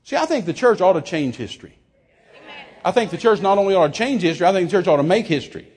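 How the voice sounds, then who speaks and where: A man preaching, telling a story in a folksy, humorous and animated way with sudden loud outbursts. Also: high voice, quick pace, slightly rough. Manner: animated, folksy, acts out quotes with sudden shouts; humorous, laughs at his own stories. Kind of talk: sermon storytelling.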